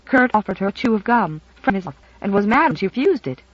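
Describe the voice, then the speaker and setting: An audiobook narrator reading a novel with expressive storytelling. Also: mid-range voice, fast talker, dry recording, highs cut off.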